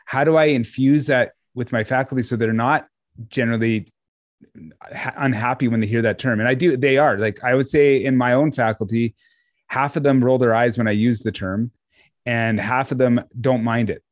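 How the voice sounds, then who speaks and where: A man co-hosting a podcast on trades teaching, talking in a relaxed, chatty way and laughing easily. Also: medium pitch, normal speed, dry recording, studio quality. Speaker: podcast co-host, trades education developer. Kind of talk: casual conversational podcast chat.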